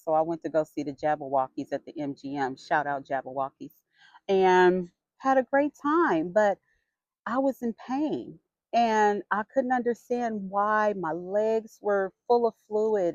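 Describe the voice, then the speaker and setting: A middle-aged woman vlogger telling a personal story in a frank, chatty and expressive way. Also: on the low side, no room sound. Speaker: vlogger sharing her health story. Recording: dull lo-fi sound.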